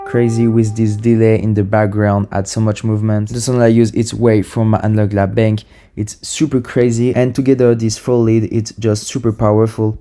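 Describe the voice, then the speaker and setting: A man's voice: fairly low pitch, flat delivery, normal speed. A man casually walking through how he built a music sample, upbeat and full of "super" and "you know". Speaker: music producer. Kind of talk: casual tutorial walkthrough.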